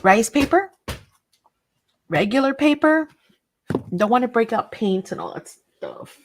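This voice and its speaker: A woman's voice: fairly high pitch, sing-song, measured pace, slight background noise. A woman hosting a casual craft livestream, chatting and laughing often and greeting viewers by name.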